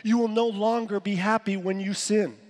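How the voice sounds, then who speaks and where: A man's voice: sits high, fairly even intonation, normal speed, a little mellow, in a large hall. A man preaching as a pastor, emphatic and repeating his key phrases for weight. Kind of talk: sermon.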